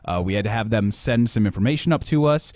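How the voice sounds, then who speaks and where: A man's voice: on the low side, animated, fast talker, a little mellow, no room sound, studio quality. A male radio co-host making wry asides and explaining research in casual chat on air. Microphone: studio microphone.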